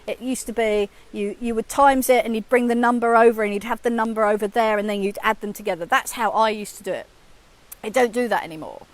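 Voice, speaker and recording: Woman in her fifties, fairly high voice, chatty, communication coach talking to camera. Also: brisk. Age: 50s. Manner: chatty, acts out her own inner voice. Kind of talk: casual talk to camera.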